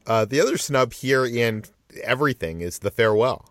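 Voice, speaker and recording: A man moderating a film podcast, brisk as he runs through lists and hands off questions. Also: mid-range voice, lively intonation, fairly bright tone, no echo, clean studio sound. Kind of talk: casual chat.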